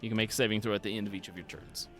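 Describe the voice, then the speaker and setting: A man's voice: lowish voice, fairly even intonation, rapid-fire, fairly bright tone, soft background music. A man running a live tabletop game as dungeon master, explaining rules and rulings. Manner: rules-focused, explanatory, laughs easily.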